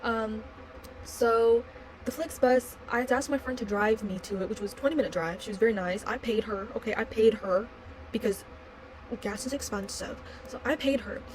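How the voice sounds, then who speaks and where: A woman's voice: fairly high pitch, moderate pace, slight background noise, low-quality recording. A young adult woman vlogger telling a story in a rambling, casual way, full of fillers like "like" and blunt swearing.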